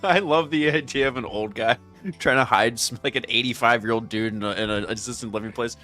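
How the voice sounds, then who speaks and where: A man's voice: medium pitch, brisk, pushed and bright, soft background music. A man co-hosting a live call-in show, teasing callers and laughing a lot. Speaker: co-host. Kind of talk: casual live show banter.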